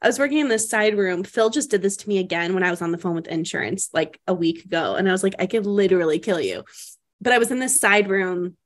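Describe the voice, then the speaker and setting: A woman's voice: mid-range voice, expressive, fast talker, hardly any pauses. A young woman co-hosting a casual chat, telling stories and often laughing as she talks. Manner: giggly, laughs through her stories. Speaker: podcast co-host.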